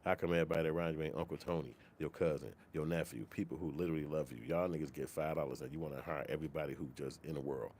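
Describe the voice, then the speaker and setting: A man hosting a commentary channel, talking in a casual, profane, animated rant. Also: rumbling low, rapid-fire, few pauses. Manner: profane, animated, slips into mock quoted voices.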